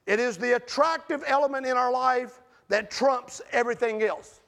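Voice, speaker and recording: A man preaching a sermon with passion, swinging between loud outbursts and hushed storytelling. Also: extremely high pitch, moderate pace, creaky.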